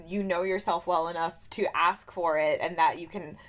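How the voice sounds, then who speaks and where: Thoughtful lower-pitched woman co-host. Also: fairly even intonation, normal speed. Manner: thoughtful, affirming, hesitant restarts. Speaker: podcast co-host. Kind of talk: casual chat.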